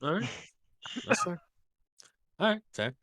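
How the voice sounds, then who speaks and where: A man narrating as game master in a tabletop role-playing game, halting and correcting himself often. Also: sits high, big pitch swings, pushed and bright, dry recording. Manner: halting, full of ums and self-corrections.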